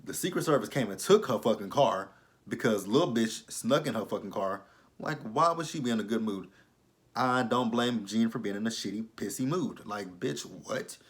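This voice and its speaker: A man's voice: lowish voice, lively intonation, moderate pace. A man giving a casual, blunt and profane recap of a TV episode, exasperated with the characters. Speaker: TV show reviewer.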